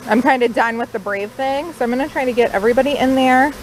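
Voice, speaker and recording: A chatty woman talks through her beekeeping on a camera mic outdoors. Her voice sits a little high, with lots of easy fillers. Faint insect buzzing and outdoor noise run behind her. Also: quick pace. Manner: chatty, upbeat, uses many fillers. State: out of breath. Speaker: new beekeeper. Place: outdoors by beehives.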